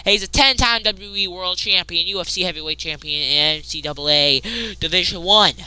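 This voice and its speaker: A woman hosting a casual wrestling recap, excitable, jumping between loud outbursts and muttered asides. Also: on the low side, brisk, smooth.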